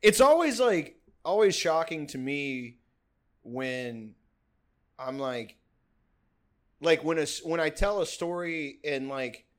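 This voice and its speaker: Young man, podcast host, casual storytelling, rambling, swears a lot, laughs often, higher voice. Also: lively intonation, slow, pauses often.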